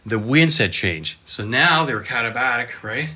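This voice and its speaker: Bright-voiced man spinning dramatic tales. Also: mid-range voice, measured pace. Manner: excitable, dramatic storyteller with exclamations and laughs. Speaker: cameraman guest telling stories. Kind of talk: animated anecdote telling.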